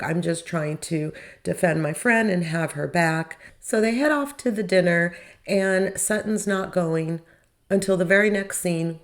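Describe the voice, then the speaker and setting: Low-voiced woman recapping with wry opinions. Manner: opinionated, wry asides and rhetorical questions. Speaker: podcast host. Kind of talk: casual recap commentary.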